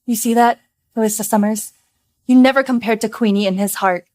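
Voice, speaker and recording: A woman plays a proud young wife with a fairly high voice who answers in a sharp, defiant way. The sound is dry and close, as in a studio dub. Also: steady tone, a little fast, no echo, lightly acted. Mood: bitter. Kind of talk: dubbed short-drama acting.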